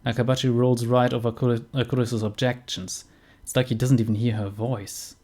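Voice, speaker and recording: A man's voice: medium pitch, level tone, a little fast, darkish tone. A man, a let's player reading game text aloud in a tense, urgent way. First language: German.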